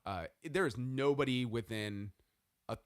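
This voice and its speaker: A man's voice: mid-range voice, a little slow, smooth. A man in his thirties hosting a podcast, telling stories in casual, profane chat and laughing often. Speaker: podcast host.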